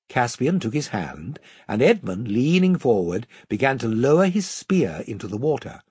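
An audiobook narrator reading a children's fantasy story aloud, expressive and shifting pitch for each character. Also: normal speed, hardly any pauses, husky, no room sound, studio quality.

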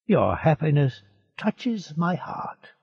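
Frail old prisoner guy, read by a man, gentle and earnest, slow and gravelly, lo-fi sound. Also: fairly high pitch, big pitch swings, dry recording, pitched above the performer's own voice, heavily acted. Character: frail small old male prisoner, sad but kind. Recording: dull lo-fi recording.

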